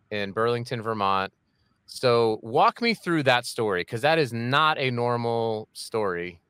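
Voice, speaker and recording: A man's voice: mid-range voice, fairly bright tone, smooth, dry recording. Joking, chatty podcast host man. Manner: jokey, chatty, rambling asides. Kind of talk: casual interview chat.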